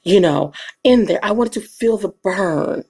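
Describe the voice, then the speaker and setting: A woman voicing a despairing female survivor who wanted to die, with a slow, dramatic, anguished delivery. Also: mid-range voice, expressive, mellow, slightly rough. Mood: despairing, bitter.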